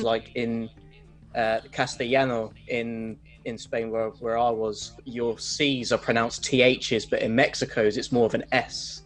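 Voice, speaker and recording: A man co-hosting a relaxed online chat at an ordinary, middle pitch. He rambles and restarts his sentences often. His voice comes through a video-call mic. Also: rough recording. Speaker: co-host. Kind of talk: casual chat.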